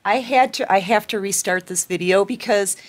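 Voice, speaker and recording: A woman doing a collective tarot reading, with a voice sitting at an ordinary middle pitch for a woman. She talks to her viewers in an affectionate, chatty way, rambling and circling back over her words as she lays out the cards. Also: normal speed. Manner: rambling with many fillers and repeats. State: out of breath. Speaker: tarot reader.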